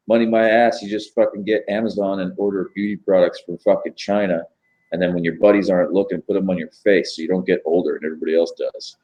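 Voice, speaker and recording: A man's voice: deep voice, fairly even intonation, a little fast, warm tone, muffled recording. A man in casual stream chat, talking in rambling, filler-heavy runs and swearing freely. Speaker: tattoo artist on a live chat stream.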